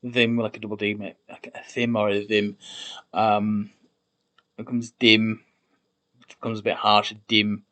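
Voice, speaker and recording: A man's voice: on the low side, monotone, a little slow, long pauses, a bit bright. A man streaming himself building a made-up language, thinking aloud while typing, muttering and repeating words to try them out. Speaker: conlang streamer.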